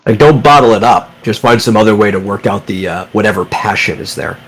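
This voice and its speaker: Low-voiced man giving steady advice. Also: fairly quick, breathy edge, rough recording. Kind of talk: casual live-stream chat.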